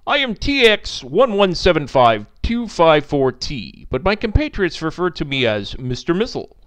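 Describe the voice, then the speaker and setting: A man's voice: on the high side, very animated, normal speed, a bit bright, no room sound, pitched above the performer's own voice. A man voicing a literal-minded former AI in a new human body, speaking in a stiff, formal and stilted way.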